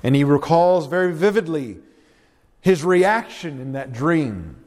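A man preaching a sermon and reading scripture aloud, slow and deliberate, with dramatic pauses. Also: fairly high pitch, lively intonation, darkish tone. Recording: long reverb of a large hall.

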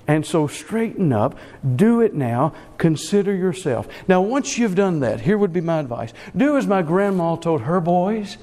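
A man preaching a sermon with emphasis, speeding through some phrases and slowing hard on key words. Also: sits high, sing-song, darkish tone. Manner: emphatic, swings between fast runs and slow stressed words. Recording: long reverb of a church hall.

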